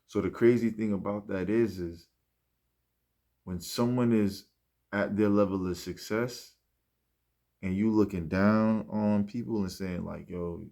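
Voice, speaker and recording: A man speaking in a rambling, reflective monologue, often restarting and trailing off softly. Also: on the low side, steady tone, unhurried, vocal fry, long pauses. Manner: rambling, many fillers and restarts; soft-spoken, trailing off. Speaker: musician speaking about his mindset.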